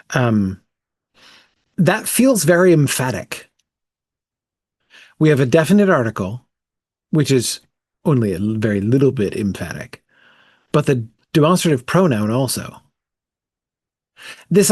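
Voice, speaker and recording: A man's voice: fairly high pitch, a little mellow, no room sound, studio quality. A man leading a casual bible study, thinking aloud with frequent "um" and "right?" as he works through the text.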